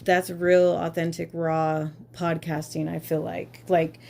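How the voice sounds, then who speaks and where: Low gravelly woman, frank and sweary, just chatting like, on her podcast. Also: little pitch movement, slow, a little mellow, a little hiss or hum. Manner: candid, profane, filler-heavy. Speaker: podcast host. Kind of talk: casual chat.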